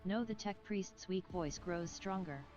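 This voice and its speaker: A woman giving solemn, measured scripted narration in a game, heard through slightly muffled game audio with faint music behind. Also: fairly low pitch, a little mellow.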